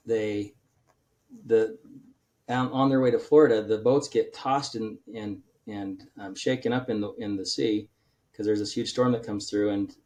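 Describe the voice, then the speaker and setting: A man with a fairly low voice talks as a podcast guest, retelling a story at length. He stumbles and restarts his sentences often, filling the gaps with ums and uhs. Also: a little mellow. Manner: rambling retelling with many restarts and fillers. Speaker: author guest. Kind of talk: casual podcast interview.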